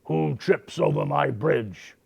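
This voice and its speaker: A big bad storybook troll roars his threats loud and slow, as a man reads it out. The voice has a gravelly rasp and a close, dry sound. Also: fairly high pitch, dry recording, exaggerated voice. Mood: roaring. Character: big bad roaring troll under a bridge.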